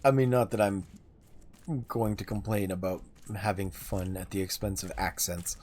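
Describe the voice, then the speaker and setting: A man's voice: low voice, normal speed, darkish tone. A man in his thirties chatting casually and rambling while livestreaming a game, chuckling often. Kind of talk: casual chat while gaming.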